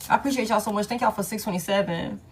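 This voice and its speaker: A woman's voice: mid-range voice, rapid-fire, slight background noise. Candid, profane woman tarot reader. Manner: candid and profane, laughs often, talks straight to her viewers. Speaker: tarot reader hosting a live stream. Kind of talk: casual live-stream tarot chat.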